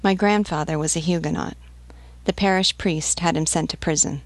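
A woman's voice: sits low, fairly even intonation, normal speed, no echo, lightly acted. A woman voicing a frightened peasant mother who gives short, hesitant answers. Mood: fearful.

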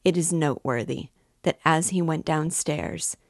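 Low-voiced woman reading a novel slowly, dry close sound, lifts her voice for the characters. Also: vocal fry, no echo. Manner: measured, lifts voice for quoted dialogue. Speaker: narrator reading a novel aloud. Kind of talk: literary read-aloud.

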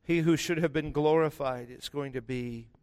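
A male pastor preaching a sermon with emphatic delivery, dramatic pauses and quiet, intense stretches. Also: fairly high pitch, clear, resonant tone.

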